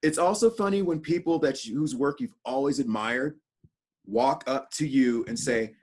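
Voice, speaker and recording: A man who is a guest actor on a podcast, telling stories in an animated way and laughing often. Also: mid-range voice, moderate pace. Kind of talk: casual podcast storytelling.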